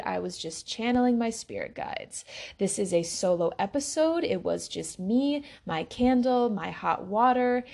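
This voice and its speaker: A woman hosting her own wellness podcast, talking to listeners in a slow, relaxed way with frequent ums. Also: mid-range voice, gravelly. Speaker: podcast host and intuitive health coach. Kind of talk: casual podcast monologue.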